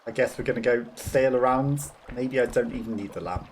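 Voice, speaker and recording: Brisk and mid-range, this man's voice carries a Black Country accent from England's West Midlands. He's a gamer doing let's play commentary, chatty and self-deprecating, laughing often while he plays, with slight background noise behind him.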